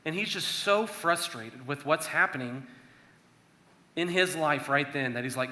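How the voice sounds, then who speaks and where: A youth minister delivers a casual, conversational sermon with a fairly high, bright voice. He talks to the group like friends and drops into a hush when acting out prayers. The room around him is echoey. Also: animated, moderate pace, long pauses. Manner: conversational, acts out prayers in a hushed voice.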